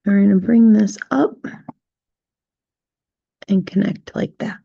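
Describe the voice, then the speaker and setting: A woman teaching a step-by-step drawing tutorial, gently talking through each stroke and checking in with "right?" as she goes. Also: medium pitch, takes it slowly, vocal fry, slightly rough, no room sound, muffled recording. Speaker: drawing instructor.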